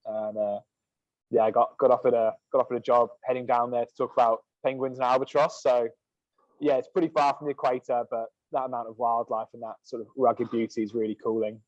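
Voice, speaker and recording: Talking a little fast, a sunscreen company co-founder in his thirties rambles through a casual podcast chat, full of "like" and "um." His voice is mid-range and relaxed, and the dull, dry recording has no room sound.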